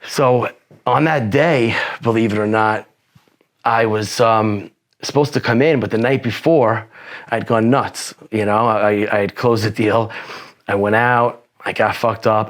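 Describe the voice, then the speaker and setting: Male guest, lower register, loose profane storyteller who leans on filler phrases. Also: steady tone, measured pace. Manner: profane, rambling, peppered with "you know". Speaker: podcast guest. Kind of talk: casual storytelling.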